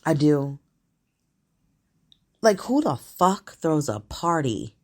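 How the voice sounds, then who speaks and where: A woman's voice: low voice, sing-song, slow pace, a little mellow. A woman hosting her own show, talking through current events in a casual, blunt, profane monologue and laughing often.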